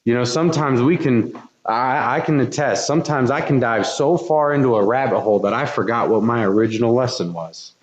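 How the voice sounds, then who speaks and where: A man's voice: medium pitch, brisk. A man preaching a sermon in a church, earnest and repeating his words as he builds intensity. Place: church sanctuary. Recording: echoey, dull church recording.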